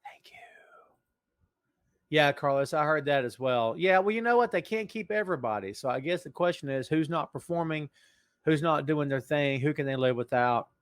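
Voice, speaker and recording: A man with a fairly high voice hosts a casual livestream podcast, joking with his viewers and calling out their names as they come in. His delivery is animated and playful. The sound is dry and close to the mic. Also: brisk, no room sound. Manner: animated, jokey, greets chat by name. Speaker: podcast host.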